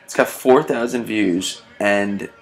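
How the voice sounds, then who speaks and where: A man's voice: on the low side, slow pace. A man chatting casually with his roommate, amused and laughing often as he reads comments aloud. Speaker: video creator reading comments. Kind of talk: casual chat.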